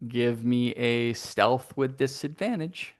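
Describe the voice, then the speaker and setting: A man narrating as game master of a tabletop game, playful and animated, with sound effects. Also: medium pitch, takes it slowly.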